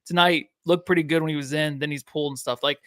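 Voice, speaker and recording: A man's voice: a little high, steady tone, quick pace, a bit bright, no room sound, studio quality. A man co-hosting a casual sports podcast, blunt and profane, laughing often. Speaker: podcast co-host.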